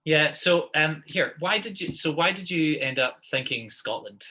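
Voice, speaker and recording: A man hosting a podcast in casual chat, relaxed and halting, often restarting his sentences. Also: on the high side, background noise. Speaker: podcast host.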